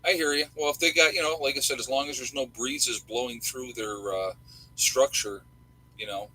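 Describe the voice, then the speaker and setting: A man's voice: mid-range voice, steady tone, normal speed, bright, forceful tone, rough recording. A middle-aged man, chatting casually and rambling with lots of fillers as host of a livestream. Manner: rambling, folksy, many fillers.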